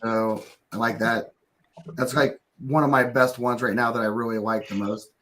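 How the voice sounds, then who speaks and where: A man with a mid-range voice chats easily as one of several panelists. He thinks out loud and pads his points with fillers and small restarts. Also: medium pitch, steady tone, moderate pace. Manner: easygoing, thinks aloud with fillers. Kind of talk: casual group chat.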